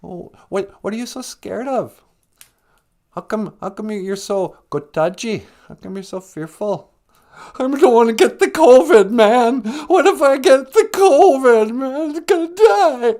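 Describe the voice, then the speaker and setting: A man's voice: extremely high pitch, lively intonation, a little slow, darkish tone, voice pushed up, heavily acted. A man voicing a frightened, ancient male cowardly lion who phones in to a comedy show, talking in a frantic, whiny way. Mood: panicked. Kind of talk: comedic call-in skit.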